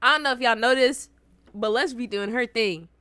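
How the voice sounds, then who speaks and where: Woman, high voice, teasing reaction chat, loud outbursts and low mutters. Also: moderate pace, clear, resonant tone, no room sound. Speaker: streamer reacting to a video and chat.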